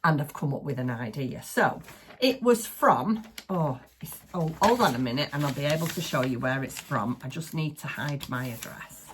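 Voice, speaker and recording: A middle-aged woman hosting a crafting channel, chatting excitedly to the camera at home and laughing often. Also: sits low, moderate pace, noisy background. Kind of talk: casual chat to camera. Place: small home craft room.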